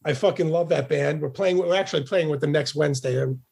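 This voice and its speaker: A middle-aged man speaks as a guest on a casual podcast, rambling and swearing freely, often circling back over his own words. His voice sits fairly high but comes out gravelly and husky. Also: fast, a little mellow. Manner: profane, rambling, repeats words. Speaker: guest musician.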